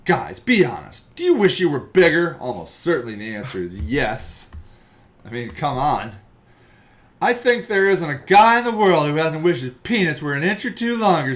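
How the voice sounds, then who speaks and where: A man hosting a comedic podcast, reading an article aloud and mocking it loudly. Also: on the high side. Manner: loud, excitable, mocking, jumps into silly voices. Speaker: podcast host.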